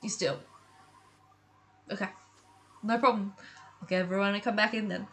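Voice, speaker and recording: A woman acting as dungeon master, narrating a tabletop game over voice chat, often dropping to a hushed, ominous tone. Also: mid-range voice, steady tone, normal speed, slight background noise.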